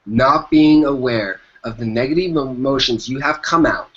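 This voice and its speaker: On a dull, lo-fi recording, an entrepreneur guest talks at a moderate pace in a mid-range, fairly bright voice. He offers motivational business advice during the interview, stressing it emphatically and repeating his key lines.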